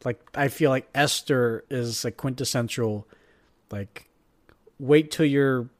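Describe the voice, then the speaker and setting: A young man chatting casually and jokily as a podcast co-host, rambling and animated. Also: medium pitch, slow. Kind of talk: casual chat.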